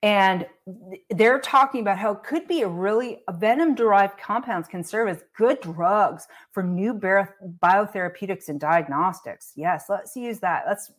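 Woman commentator, mid-range voice, casual rant, sarcastic and blunt, drops profanity. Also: mid-range voice. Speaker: online commentator.

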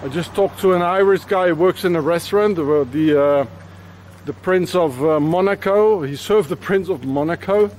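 A man's voice: high voice, moderate pace, darkish tone, slight background noise. A man rambling on a walk-and-talk travel vlog outdoors in a town, with many fillers and restarts. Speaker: travel vlogger.

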